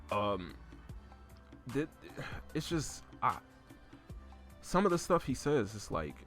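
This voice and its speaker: A man casually ranting on his own channel, swearing freely and using slang, his voice climbing higher and louder as he gets worked up. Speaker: host reviewing rap lyrics. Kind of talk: casual rant.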